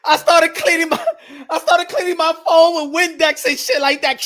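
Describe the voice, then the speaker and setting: A man hosting a boxing channel in casual reaction commentary, excitable and profane, laughing often and repeating himself. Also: very high-pitched, normal speed. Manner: repeats himself, bursts into yelps.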